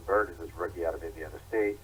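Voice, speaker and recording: A man's voice: low voice, steady tone, quick pace, slight background noise, low-quality recording. A middle-aged man, an author guest in an interview, telling stories animatedly and acting out quotes. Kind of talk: interview storytelling.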